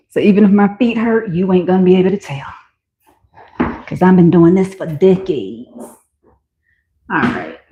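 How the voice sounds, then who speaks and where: A woman vlogger talking casually and enthusiastically to viewers while she tries on and sells shoes. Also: on the low side. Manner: chatty and enthusiastic, talks to viewers. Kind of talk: casual shop-with-me commentary. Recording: roomy, slightly dull home recording.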